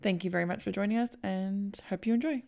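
A woman's voice: mid-range voice, fast talker, creaky. A young woman hosting a podcast, chatting casually with a friend, laughing often and filling with um. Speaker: podcast host.

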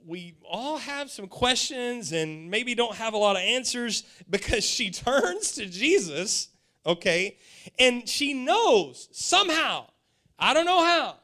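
Male preacher, forties, animated storyteller, high voice that swoops around. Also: takes it slowly. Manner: animated storytelling, repeats words. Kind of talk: sermon.

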